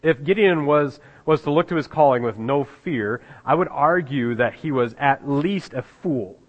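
Man preaching, casual halting sermon, many ums and restarts, muffled sound, long church reverb. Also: medium pitch, expressive. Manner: halting, many fillers and restarts, chuckles at the text. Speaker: pastor. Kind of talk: conversational sermon. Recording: dull sound in a reverberant hall.

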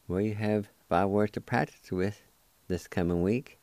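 A man hosting a radio language lesson, spelling words letter by letter and repeating each word slowly. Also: fairly low pitch, mellow, no echo. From United States. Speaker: language teacher and radio host.

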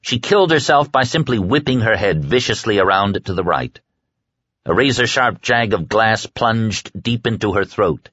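A man narrating a horror audiobook in a dramatic, expressive storytelling manner. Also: lowish voice, normal speed, husky, no room sound, highs cut off. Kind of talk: scripted narration.

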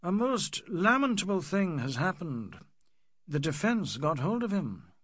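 A man voicing an earnest middle-aged colonial policeman in an audiobook, speaking slowly and sincerely. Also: sits high, very animated, a bit bright, slightly rough, no room sound, clean studio sound, pitched above the performer's own voice, heavily acted. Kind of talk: audiobook character voice.

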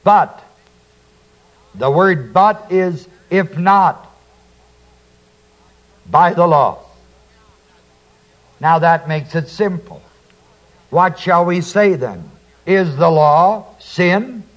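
Slow, deliberate male Bible teacher. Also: sits high, animated, dull audio. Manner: slow, deliberate, quotes scripture then explains; asks the audience to fill in words. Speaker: preacher.

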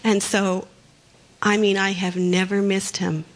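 A woman's voice: medium pitch, little pitch movement. Tearful woman sharing a personal story. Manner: earnest, halting. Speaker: workshop participant.

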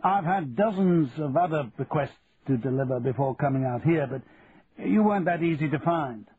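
A man's voice: fairly high pitch, lively intonation, normal speed, breathy edge, pitched above the performer's own voice. Brief: male reader as a courteous, persuasive young London man, lo-fi phone-like sound. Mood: earnest. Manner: polite and persuasive. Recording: tinny lo-fi radio recording, faint hiss.

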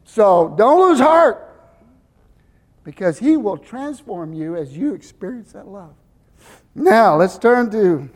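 An older man preaches with a high-pitched voice that rings through a long-reverb church hall. He quizzes the congregation and fills in the answers himself. His delivery swings from forceful emphasis to quiet, intimate asides. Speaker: pastor. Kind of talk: sermon.

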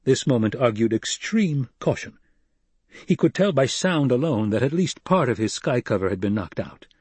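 A man narrating an audiobook in a measured, steady storytelling manner. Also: mid-range voice, slightly rough, dry recording.

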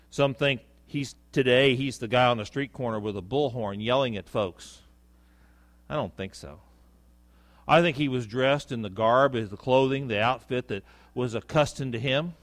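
A male pastor giving a sermon in a conversational way, speaking softly on reflective lines and rising for emphasis. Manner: conversational preaching, rising with emphasis on key points; drops to a soft, low voice for reflective lines.

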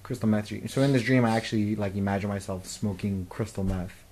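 Fairly quick and a little mellow, this man's voice is on the low side. He's a twentysomething podcast co-host whose rambling stories on the laid-back show brim with fillers and the word "like." The audio is poor.

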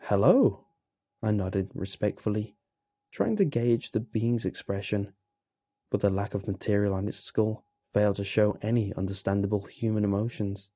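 A man narrating a horror story in a slow, grim, measured way. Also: fairly low pitch, warm tone, no echo.

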